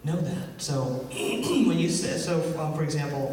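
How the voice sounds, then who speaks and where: A man's voice: on the high side, fairly even intonation, a little slow, hardly any pauses, a little mellow, slight background noise. A male minister giving a conversational sermon, often asking the congregation questions. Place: church hall. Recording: echoey hall from far off.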